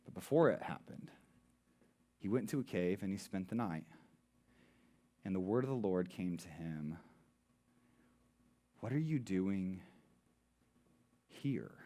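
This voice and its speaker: A married man who preaches as a pastor, posing rhetorical questions and slowing down for emphasis. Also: low voice, expressive, warm tone. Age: adult, married. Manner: rhetorical questions, dramatic slowing on key words. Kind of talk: sermon.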